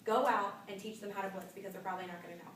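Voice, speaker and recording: A woman's voice: mid-range voice, fairly even intonation, rapid-fire. Woman giving a chatty sales training. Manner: chatty, storytelling, upbeat. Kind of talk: live training talk. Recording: echoey room from far off with noise.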